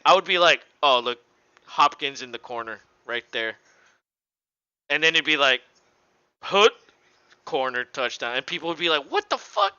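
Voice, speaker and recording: A man's voice: mid-range voice, moderate pace, pauses often, smooth, no room sound, highs cut off. A man co-hosting a sports podcast, ranting casually with lots of swearing and mocking impressions. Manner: animated, profane ranting with mocking voices. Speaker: podcast co-host.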